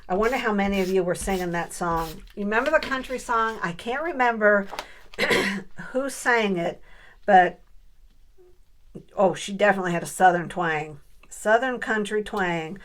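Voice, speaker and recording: A middle-aged woman talks through her papercraft project in an easy, conversational way, pausing to think aloud as she works. She keeps turning to her viewers with friendly questions, at an ordinary mid-range pitch. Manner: chatty, thinks aloud while working. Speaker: papercraft vlogger. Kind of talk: casual crafting tutorial.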